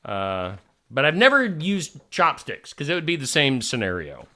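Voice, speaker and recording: A man's voice: medium pitch, very animated, moderate pace, bright, forceful tone. A man from Iowa, hosting a casual live stream and chatting in a jokey way as he greets viewers.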